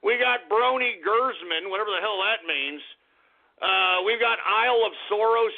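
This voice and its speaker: A man hosting an internet talk radio show, ranting and yelling in exasperation. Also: sits high, a little slow, creaky. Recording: tinny lo-fi phone-like sound.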